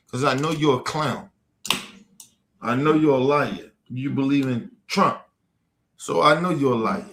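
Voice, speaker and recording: A man's voice: medium pitch, moderate pace, fairly bright tone, roomy sound. A man ranting at a viewer on a livestream, aggressive and profane. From Baltimore. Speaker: streamer. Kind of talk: livestream rant.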